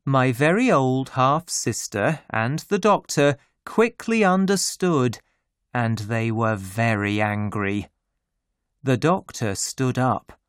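A man reading a children's story aloud in a clear, expressive way. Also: mid-range voice, slow pace, dry recording, studio quality. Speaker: narrator.

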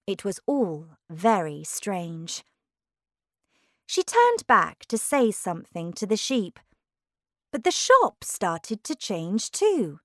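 A woman's voice: mid-range voice, dry recording, clean studio sound. A woman narrating a children's storybook aloud. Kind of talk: storybook reading.

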